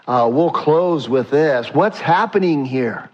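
A male pastor preaching a sermon, animated and asking rhetorical questions, slowing down for emphasis. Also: mid-range voice, dull audio.

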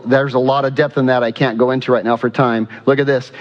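A pastor preaching a sermon to a congregation, reading scripture aloud and asking the people questions. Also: male voice, mid-range voice, fairly even intonation, fast talker, hardly any pauses. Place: church sanctuary. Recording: dull sound in a reverberant church hall.

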